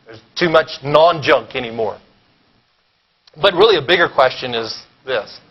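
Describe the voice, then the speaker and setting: A man giving a keynote lecture at a conference, animated and sarcastic, often pausing to check in with the audience. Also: mid-range voice, slightly rough. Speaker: keynote speaker. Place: conference hall. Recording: dull lo-fi recording.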